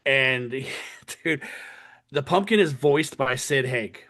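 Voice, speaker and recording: A man hosting a podcast, retelling a horror short film in casual, profane, animated chat. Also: medium pitch, slow pace. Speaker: podcast host.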